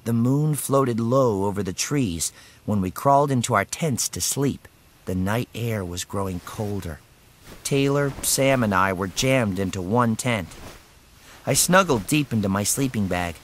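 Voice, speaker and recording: A man narrating a children's story in the first person, expressive and animated. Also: lowish voice, a little slow. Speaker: audiobook narrator.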